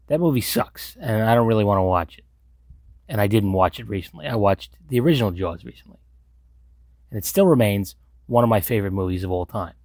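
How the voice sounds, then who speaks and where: A man's voice: medium pitch, a little mellow, no room sound, clean studio sound. A man from Long Island, recapping a movie in a blunt, sarcastic way and swearing freely. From Long Island, New York. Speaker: movie commentator. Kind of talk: profane movie recap commentary.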